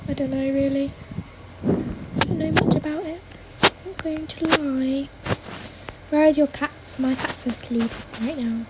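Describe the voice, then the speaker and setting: A chatty teenage girl with an English accent talks casually on a phone livestream, her voice high and light. She answers viewers' comments in a loose, giggly way, full of "like" and "mate". Loud noise runs behind her the whole time. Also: steady tone, unhurried, pauses often. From Britain. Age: teens. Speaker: livestream host.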